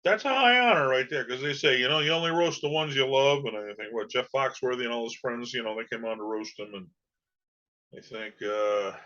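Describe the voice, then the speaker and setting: A man's voice: medium pitch, fairly quick, pushed and bright, muffled recording. A man from New England hosting a podcast, talking casually and rambling with many fillers. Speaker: podcast host. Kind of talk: casual solo podcast talk.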